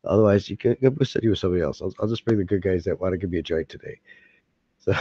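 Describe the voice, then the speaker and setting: A man's voice: sits low, quick pace, darkish tone, husky, dry recording. A man hosting a casual late-night livestream from home, rambling, joking and laughing often. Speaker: livestream host. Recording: dull dry home mic.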